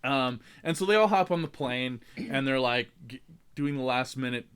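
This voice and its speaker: A man in his podcast co-host seat, walking through a movie plot in a loose, rambling way. His pitch sits in an ordinary middle range, and he keeps stopping to restart sentences and drop in fillers as he goes. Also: expressive, normal speed, a bit bright, clear, resonant tone. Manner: rambling storytelling with many fillers and restarts, acting out characters' lines. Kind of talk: casual chat, retelling a movie plot.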